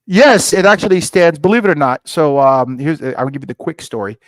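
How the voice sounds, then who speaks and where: A middle-aged man telling stories in a casual interview, animated and acting out dialogue, often jumping up in pitch. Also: fairly quick, no room sound, low-quality recording. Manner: animated, jumps to high excited pitch when retelling; many fillers and restarts, acts out quoted dialogue. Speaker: guest, scotch brand founder.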